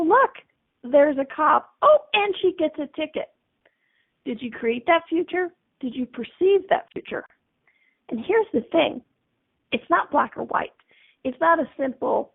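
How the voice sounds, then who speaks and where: A woman's voice: high voice, gravelly, husky. A woman hosting a self-help radio show, talking in a chatty way and often checking in with "okay?". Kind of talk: spiritual self-help talk. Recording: phone-like radio broadcast.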